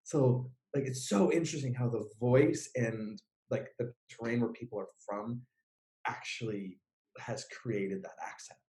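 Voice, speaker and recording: A man who is a vocal coach and podcast guest, speaking slowly and deliberately in casual conversation, often restarting his sentences. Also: mid-range voice, dark tone. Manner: slow and deliberate, with many restarts. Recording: roomy echo.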